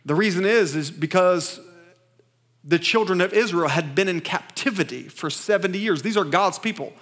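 High-voiced male preacher calling to the congregation. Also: moderate pace, a bit bright. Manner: call-and-response with the congregation; emphatic, repeats phrases and restarts. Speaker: pastor. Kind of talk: sermon. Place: church service.

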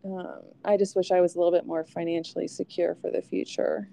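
A woman's voice: on the low side, level tone, fairly quick, gravelly, mellow. A woman who is a guest on a podcast, chatting casually and trailing off between thoughts with many fillers. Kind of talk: casual interview chat.

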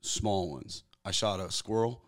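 Laid-back slangy man, lowish voice. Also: expressive, measured pace. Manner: loose storytelling, slangy, lots of "bro". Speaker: comedian guest. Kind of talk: casual podcast chat.

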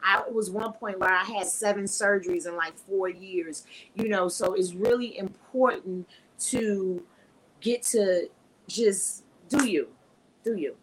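A woman hosting a casual live podcast, talking frankly and preachily, her voice swinging between loud and soft. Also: mid-range voice, a little slow, noisy background. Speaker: podcast host.

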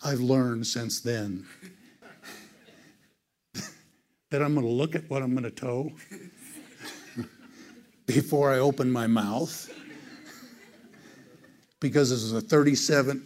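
A man telling a story in a sermon to a church group, animated and conversational, leaping into high voices when he quotes people. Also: a little slow, pauses often, slightly rough. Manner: conversational, many "it's like" asides. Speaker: teacher speaking to a church group.

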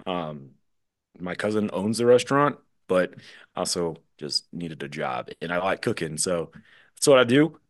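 Deep-voiced laid-back young man. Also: measured pace. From Midwest USA. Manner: relaxed, rambling, laughs easily. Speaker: drummer guest. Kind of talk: casual podcast chat.

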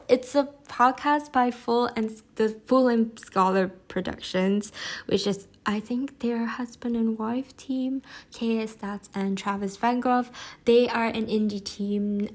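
A woman in casual chat, gushing enthusiastically about a podcast she loves, rambling with lots of fillers, restarts and laughs. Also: medium pitch. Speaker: podcast reviewer.

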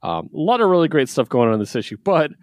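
A man co-hosting a casual podcast, talking about comics with excitement and frequent laughs. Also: on the high side, quick pace, no room sound. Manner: excited, laughs often, acts out quotes. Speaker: podcast co-host reviewing comics. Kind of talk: casual chat.

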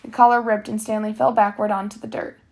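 A woman's voice: mid-range voice, fast talker. Woman reading a novel aloud, with slips. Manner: steady reading, with slips and self-corrections. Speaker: reader.

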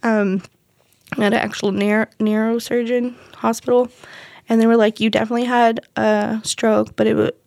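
The young Texan guest tells her personal testimony in rambling fashion, acting out what people said. Her voice is on the high side with vocal fry and a slightly mellow quality, delivered flatly at a moderate pace, and the studio-quality recording has no room sound.

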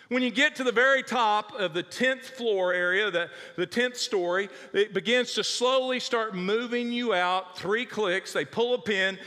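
A male pastor preaching a sermon with animated, dramatic storytelling. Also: sits high, big-room sound.

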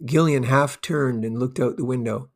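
A man narrating a classic short story as an audiobook, with calm, measured reading. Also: medium pitch. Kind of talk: scripted narration.

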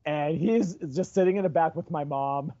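A man's voice: on the high side, moderate pace, mellow, no room sound. A man, a stand-up comedian, chatting casually and telling a rambling story full of restarts. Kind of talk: casual chat. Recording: dull dry lo-fi recording.

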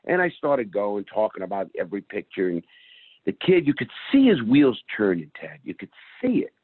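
A man's voice: lowish voice, very animated, moderate pace, breathy edge, no echo. A middle-aged man guest telling a story in an interview in a blunt, streetwise way. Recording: phone-like call audio.

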